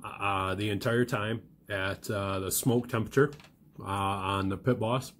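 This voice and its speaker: A man with a fairly low voice runs a casual cooking vlog. He talks in a relaxed, unhurried way, full of ums and uhs and restarts, and sometimes chews while he talks. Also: a little hiss or hum. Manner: relaxed, many filler words and restarts; talks while chewing at times. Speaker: home cook and channel host.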